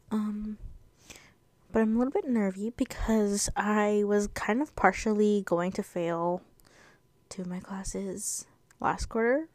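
A woman's voice: medium pitch, fairly even intonation, slow, a little mellow, dry recording. A teenage girl hosting her own podcast, talking in a rambling, filler-heavy way and sounding a little out of breath. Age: teens. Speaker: podcast host. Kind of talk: casual solo podcast chat.

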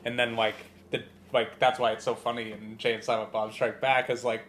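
A man co-hosting a podcast, telling movie stories in a profane, rambling, animated way. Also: medium pitch, a little fast, slight background noise. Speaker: podcast co-host. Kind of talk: casual chat.

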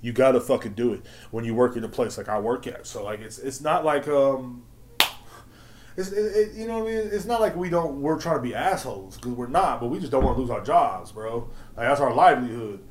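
A man's voice: medium pitch, a little fast. A young man hosting a podcast, ranting in a rambling, profane storytelling way, laughing often and acting out quotes. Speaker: podcast host. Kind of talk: casual solo rant. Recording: echoey room.

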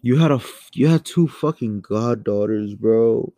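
A young man giving a heated, profane rant into a home microphone, swinging between loud outbursts and low muttering. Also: measured pace, dry recording. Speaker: commentary host. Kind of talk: angry ranting commentary.

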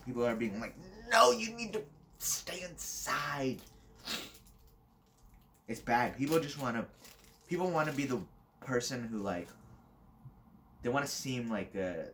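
A man's voice: mid-range voice, expressive, normal speed, pauses often, a little hiss or hum. A young man hosting a podcast, talking in a blunt, rambling, crude and flippant way, laughing often. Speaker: podcast host. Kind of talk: casual solo podcast monologue.

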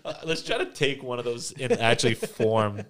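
A man hosts a casual comedy podcast in a medium-pitched voice at normal speed. He jokes around, laughs often and breaks into silly sung bits.

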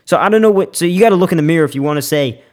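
A man's voice: a little high, rapid-fire, a little mellow. A young man hosting a sports podcast, ranting heatedly about a player and then giving his game picks in a casual, opinionated way, often restarting his sentences. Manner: heated, fired up, repeats himself and restarts often.

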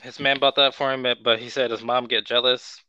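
Bright man on a dull, distant call line. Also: mid-range voice, little pitch movement, a little fast, smooth, no room sound. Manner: short backchannel replies, checking in. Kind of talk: casual chat. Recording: dull lo-fi call audio from off-mic.

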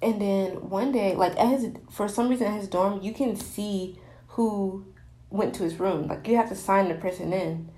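A woman's voice: mid-range voice, moderate pace, mellow, echoey room. A woman in her twenties telling a candid personal story, rambling with many fillers and restarts.

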